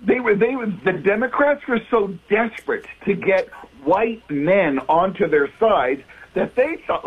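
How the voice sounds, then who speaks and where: A man's voice: high-pitched, animated, a little slow, husky. Man calling in over a tinny phone line. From Canada. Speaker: correspondent calling in.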